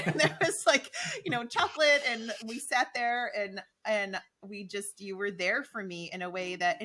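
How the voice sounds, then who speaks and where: A woman co-hosting a relaxed podcast conversation, her voice bright and forward. She tells stories animatedly and slips into the voices of the people in them. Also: medium pitch. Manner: animated storyteller acting out quoted lines. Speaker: podcast co-host. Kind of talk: casual podcast chat.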